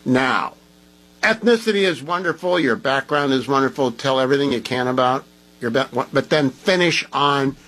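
A man's voice: medium pitch, moderate pace, fairly bright tone, rough recording. A man hosting a talk radio show, talking in an opinionated, emphatic, conversational way. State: groggy from medication.

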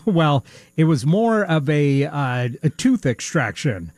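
A man's voice: a little high, big pitch swings, slow pace, a little mellow, no echo. A man co-hosting a podcast in casual chat, rambling and hesitant with lots of fillers and chuckles, with a slight lisp. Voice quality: slight lisp from a missing tooth. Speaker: podcast co-host.

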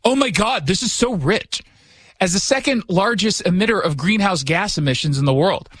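A man's voice: high-pitched, a bit bright, no room sound. A man hosting a radio talk show from his studio, talking casually with sarcastic, joking asides.

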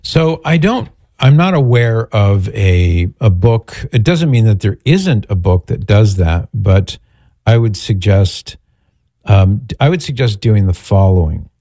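A man's voice: on the low side, expressive, unhurried, mellow, no echo. A man hosting a call-in radio show, chatting in a folksy way and joking with his producer. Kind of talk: casual call-in radio talk.

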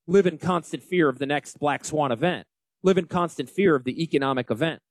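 A man in his forties with a Northern US accent, hosting a radio talk show on financial planning. He talks loudly and energetically, joking and yelling into a close mic. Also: a little high, fairly quick, no echo. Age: 40s. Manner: loud, yelling. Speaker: financial advisor radio host. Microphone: close studio mic.

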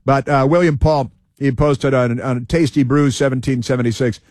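A man's voice: mid-range voice, steady tone, normal speed, a little mellow, dry recording, studio quality. A man hosting political commentary, reading news aloud with sarcastic asides, fillers and restarts.

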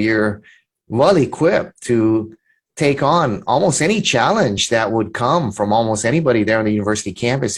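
A man hosting an interview, asking measured questions and summing up. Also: medium pitch. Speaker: host.

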